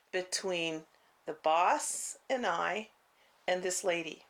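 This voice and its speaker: A woman vlogger telling a personal story in a casual, halting way, full of restarts and "you know", on a clip-on mic. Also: lowish voice, fairly bright tone. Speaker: faith vlogger. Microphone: clip-on mic she keeps bumping.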